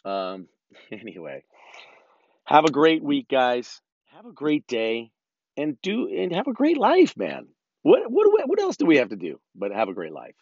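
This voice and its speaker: A man's voice: medium pitch, wildly swooping pitch, a little slow, no room sound. A man in his thirties ranting casually and profanely, rambling with many restarts, in a car. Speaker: vlogger. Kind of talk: casual rant. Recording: dull lo-fi sound.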